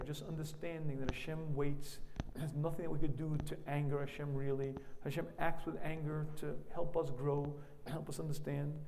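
Brief: male rabbi, somewhat high voice, lively sermon, reverberant hall with faint hiss. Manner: animated storytelling, throat-clearing.

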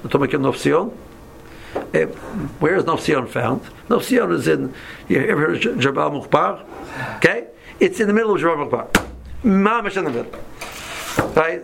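A man with a strongly gravelly, creaky voice that sits a little high for a man. He tells a story to his class with animation, acting out each voice, and he often stops and restarts his sentences. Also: normal speed, pauses often, a little hiss or hum. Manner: animated, acts out dialogue, frequent restarts. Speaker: Torah teacher.

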